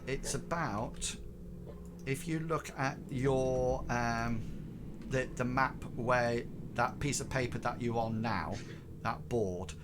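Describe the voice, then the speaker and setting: A man narrates a tabletop adventure for his players, speaking slowly and stumbling through frequent ums and false starts. A constant hum of background noise sits clearly under his voice on the stream. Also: mid-range voice. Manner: hesitant, full of ums and restarts. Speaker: game master.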